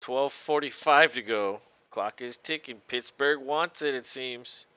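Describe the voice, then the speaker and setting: A man with a very bright, smooth voice calls the game play by play in a loose, joking way. He laughs a lot and curses freely. The audio is dull and lo-fi, like a home stream. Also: medium pitch, unhurried, no echo. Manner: relaxed, laughs often, swears freely. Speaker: co-host doing play-by-play. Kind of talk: casual play-by-play commentary.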